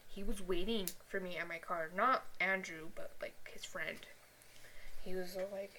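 A woman's voice: on the low side, moderate pace, a little hiss or hum. A young woman on a podcast telling a personal story casually, swearing often and acting out what people said. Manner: swears a lot, animated, acts out quotes. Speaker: podcast co-host.

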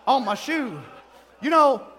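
A middle-aged man preaching a sermon, telling a story with lively, acted-out quotes and sudden outbursts. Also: very high voice, slow pace. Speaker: pastor.

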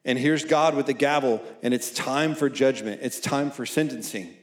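A mid-pitched man delivers a sermon to young adults at a college service in a church hall, speaking at a moderate pace in a relaxed, conversational way and frequently asking "right?" He reads scripture aloud, and his voice echoes through the large, reverberant room.

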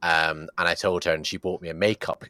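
A man's voice: low voice, fairly even intonation, a little fast, sharp tone, no room sound. A man from Bradford hosting an interview, reflective and hesitant, with many fillers. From Bradford, England. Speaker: podcast host. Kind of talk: conversational interview.

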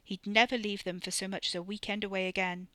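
A woman narrating a novel in an even, measured way. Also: mid-range voice, dry recording. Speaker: audiobook narrator. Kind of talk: scripted narration.

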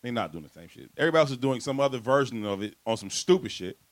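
A man's voice: medium pitch, lively intonation, racing. A man co-hosting a casual podcast, speaking in with a laid-back, reflective manner and frequent restarts. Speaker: podcast co-host.

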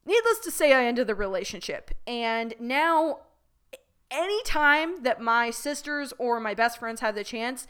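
A young adult woman hosting a podcast, telling a story in a candid, animated and profane way. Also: a little high, unhurried, clear, resonant tone. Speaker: podcast host. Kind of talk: casual storytelling chat.

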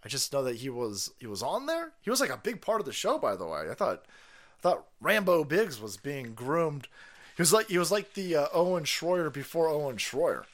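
A man's voice: fairly high pitch, big pitch swings, moderate pace. A man hosting a casual livestream, reading viewer messages and answering them with profanity, laughter and rambling asides. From South Carolina.

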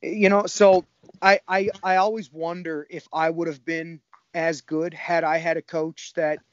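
A man's voice: fairly high pitch, little pitch movement, measured pace, dry recording, muffled recording. A man in his thirties from Cape Breton, a jiu-jitsu coach talking in laid-back casual chat and swearing often. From Cape Breton, Canada. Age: 30s.

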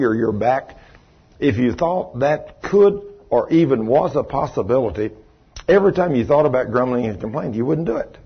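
A man's voice: mid-range voice, breathy edge, lo-fi sound. A man preaching a sermon to a live congregation, telling folksy stories and asking the audience questions.

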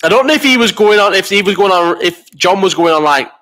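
Bright-voiced sweary man, sick. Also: high-pitched, lively intonation, fast. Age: 30s. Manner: sweary, rambling banter. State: sick with a cough. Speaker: live chat host. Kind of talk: casual live-stream chat reading comments. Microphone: desk microphone.

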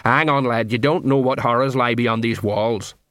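A man's voice: mid-range voice, normal speed, fairly bright tone, no echo, studio quality, lightly acted. A man reading an audiobook, voicing a nervous, fussy older male sergeant who frets aloud. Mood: fretful. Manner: fretful, fussing.

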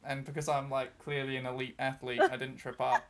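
A man's voice: mid-range voice, level tone, brisk, noisy background. A man chatting casually on a podcast, telling a long story with lots of fillers, restarts and self-deprecating asides. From outside Britain. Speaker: guest storyteller.

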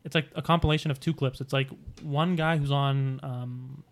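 A man's voice: mid-range voice, fairly even intonation, vocal fry. A man co-hosting a podcast, chatting casually and telling stories in a rambling way. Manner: rambling, quick storytelling. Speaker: podcast co-host. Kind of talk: casual chat.

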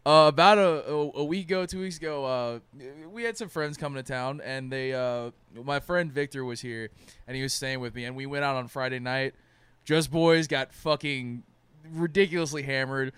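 A man's voice: mid-range voice, moderate pace, a bit bright, clean tone, no echo. A young man co-hosting a podcast, telling stories in casual chat, swearing freely and laughing often. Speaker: podcast co-host.

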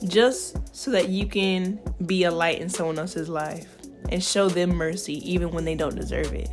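A woman's voice: fairly low pitch, steady tone, normal speed, music in the background. A woman hosting a podcast, talking about faith in a casual, slangy and encouraging way. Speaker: podcast host.

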